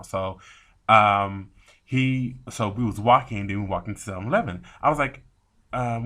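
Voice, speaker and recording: A man telling a rambling story to camera, animated and often swearing, acting out both sides of the talk. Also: lowish voice, fairly quick, creaky. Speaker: vlogger. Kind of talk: casual storytime rant.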